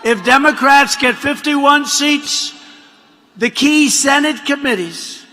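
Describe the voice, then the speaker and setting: A man holds forth at a political rally in a high, bright, forceful voice that swings widely in pitch. He rambles and mocks, circling back to repeat his own lines. The sound rings with the long reverb of a large venue. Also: slow pace. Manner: rambling, mocking, repetitive asides. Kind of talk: rally speech. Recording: reverberant hall audio.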